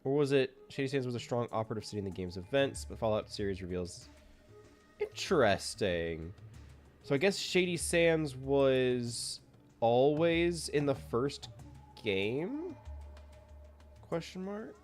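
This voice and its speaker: A man streaming live gameplay commentary, excitable and self-mocking, exasperated at his own character. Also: medium pitch, measured pace, faint music behind.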